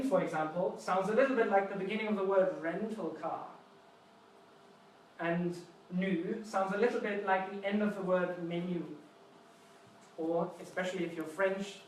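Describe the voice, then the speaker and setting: A man giving a live seminar, explaining through playful mnemonic stories and quizzing the audience. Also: high voice. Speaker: seminar presenter. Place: university seminar room. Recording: echoey lecture room from far off, faint noise.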